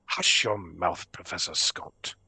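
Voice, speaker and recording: A man voicing a fussy, hushed professor trapped in a magic orb. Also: deep voice, steady tone, takes it slowly, gravelly, breathy edge, no echo, voice pushed down, exaggerated voice. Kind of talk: tabletop role-play voice.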